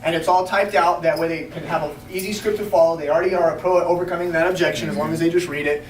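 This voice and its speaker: A high-voiced man rattles off quick, upbeat coaching to a group, keeps asking whether it makes sense. He is picked up from a distance in a roomy space with faint noise behind him. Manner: energetic, fast, coaching with repeated check-ins. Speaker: sales trainer. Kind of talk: training talk to a small group. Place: restaurant meeting room.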